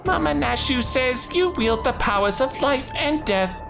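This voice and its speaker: A woman's voice: sits high, lively intonation, unhurried, creaky, heavily acted. Woman voicing an innocent childlike mammet. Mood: pleading. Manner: earnest, pleading and childlike. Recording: game audio with faint music.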